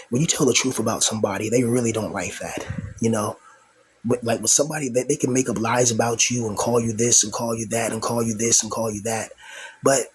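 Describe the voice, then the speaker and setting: A young man rants to his camera in a loose, rambling monologue, circling back on himself with fillers and restarts. His voice sits at an ordinary middle pitch, and faint noise hums under the recording. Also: low-quality recording. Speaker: vlogger.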